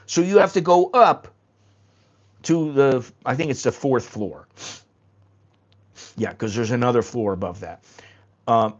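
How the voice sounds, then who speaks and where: A man's voice: medium pitch, lo-fi sound. A man hosting a casual livestream, telling rambling, blunt stories and swearing freely. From United States. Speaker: livestream host.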